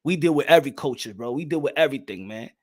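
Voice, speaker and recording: A man's voice: medium pitch, expressive, racing. A man from New York with a New York accent, talking in a loose, profane, laughing monologue as a boxing channel host. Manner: loose, swearing, laughing often.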